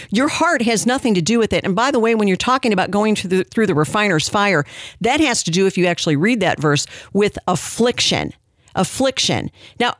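A woman's voice: medium pitch, no echo, studio quality. A woman hosting a commentary show, reacting to played clips with sarcastic, indignant criticism.

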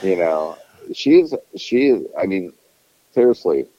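A man with a deep, low voice talks politics loosely and crudely, rambling and circling back on his own phrases. The sound is dull and lo-fi, with a dry, close feel and no room echo. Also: lively intonation, slow pace, dark tone. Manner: profane, rambling, restarts sentences. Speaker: podcast co-host. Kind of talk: casual political chat.

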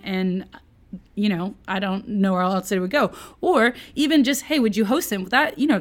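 A woman giving a casual, chatty Bible lesson, playful and full of jokey asides. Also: mid-range voice. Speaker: Bible teacher.

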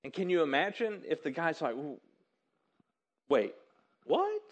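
A high-pitched male pastor delivering a sermon. He tells the story with animated energy, acting out characters and jumping into excited outbursts. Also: a little fast, muffled recording.

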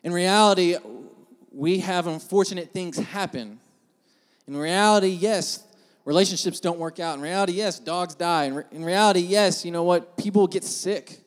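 Guy preaching, chatty and jokey storytelling, big echoey church hall. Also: a little high. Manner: casual, joking, animated storytelling. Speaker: pastor. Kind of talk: storytelling sermon. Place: church sanctuary. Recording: long hall reverb in a church.

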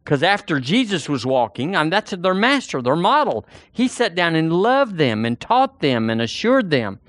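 A man's voice: a little high, big pitch swings, normal speed, fairly bright tone, no room sound, studio quality. A man preaching a sermon as pastor, folksy and full of rhetorical questions.

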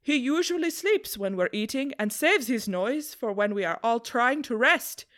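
A woman's voice: a little high, lively intonation, normal speed, fairly bright tone, pitched above the performer's own voice. A woman voicing a wry Amish farmer father making a dry quip, in her own voice.

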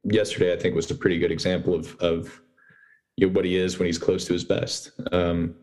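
A man appearing as a guest beat writer on a sports podcast, explaining things in a relaxed way with lots of fillers. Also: deep voice, a little fast. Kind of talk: casual sports talk.

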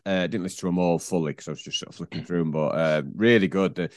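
Male co-host, low-voiced, rambling, dry booth sound. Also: fairly even intonation, quick pace, no room sound. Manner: rambling, many restarts and fillers. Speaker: podcast co-host. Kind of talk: casual chat.

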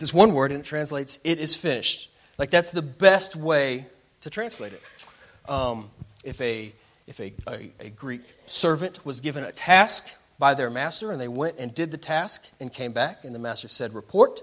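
Bright-voiced preacher man. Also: a little high, moderate pace. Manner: dramatic, swings from quiet to loud. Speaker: pastor. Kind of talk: sermon.

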